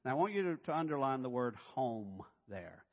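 A man preaching a sermon in a church, animated and playful, dropping to a hush and then rising loud. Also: medium pitch, moderate pace. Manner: animated and playful, swinging between hushed and loud. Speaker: pastor. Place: church sanctuary. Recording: reverberant hall, dull sound.

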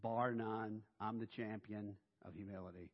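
A man's voice: lowish voice, moderate pace. Middle-aged man preaching in a reverberant hall. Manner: animated, humorous, acts out voices. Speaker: pastor. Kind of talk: sermon. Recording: dull sound in a reverberant hall.

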